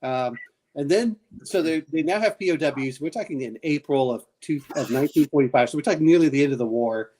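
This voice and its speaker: A man's voice: a little high, warm tone. Rambling man telling stories. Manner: rambling storyteller, halting with fillers. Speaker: game master. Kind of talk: casual chat.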